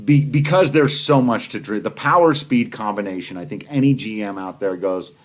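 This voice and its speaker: A man co-hosting a casual sports talk show, analytical and animated, laughing easily. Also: on the low side, moderate pace. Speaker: podcast co-host.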